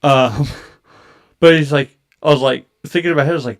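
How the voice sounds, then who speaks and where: Male podcast co-host, 30s, casual storyteller, animated, rambling with fillers. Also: fairly high pitch, moderate pace. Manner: animated, heavy filler words and swearing.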